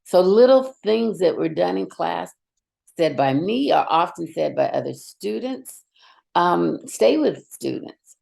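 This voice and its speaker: Low, gravelly-voiced woman telling stories. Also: unhurried. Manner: animated anecdotes, emphatic and direct. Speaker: educator and podcast guest. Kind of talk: storytelling in conversation.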